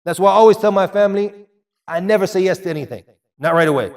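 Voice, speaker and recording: A man preaching a sermon, emphatic and repetitive, dropping into quieter asides. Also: high voice, quick pace, recorded from a distance. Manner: emphatic, repeats phrases, drops to quiet asides. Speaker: Islamic preacher.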